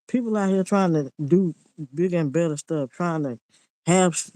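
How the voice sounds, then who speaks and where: A man's voice: a little high, mellow, no room sound, poor audio. A man, ranting in a casual monologue vlog, blunt and preachy and repeating himself.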